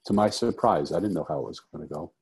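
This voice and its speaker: Earnest middle-aged man, deep husky voice. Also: fast talker, a little mellow. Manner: earnest, reflective, repeats phrases for emphasis. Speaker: guest. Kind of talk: conversational storytelling.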